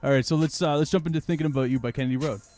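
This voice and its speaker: A man's voice: a little high, rapid-fire. Laid-back Canadian radio host man. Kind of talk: casual radio interview.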